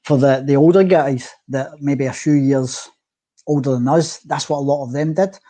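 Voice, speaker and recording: Dark-voiced man hosting a podcast. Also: medium pitch. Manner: relaxed, reflective, halting restarts. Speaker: podcast host. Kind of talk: casual conversation.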